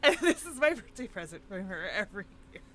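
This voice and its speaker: Animated chatty woman with lively pitch. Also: fast, crowd noise. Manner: chatty, animated retelling with frequent fillers and laughs. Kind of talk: casual chat recapping a film.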